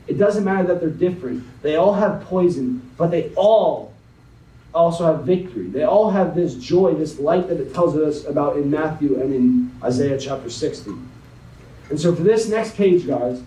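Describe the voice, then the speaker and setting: A young man as a guest speaker, slowly and dramatically reading a spoken word poem, then talking to a young audience. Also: fairly high pitch, warm tone, a little hiss or hum. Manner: slow, dramatic poetry reading. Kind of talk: spoken word poetry then motivational talk. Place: conference hall. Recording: echoey hall, mic at a distance.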